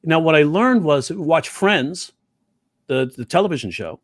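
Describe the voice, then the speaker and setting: Animated male comedy teacher, dry sound. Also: a little high, measured pace, no echo. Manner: animated, acts out quoted voices. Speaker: comedy teacher and stand-up comic. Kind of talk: storytelling interview talk.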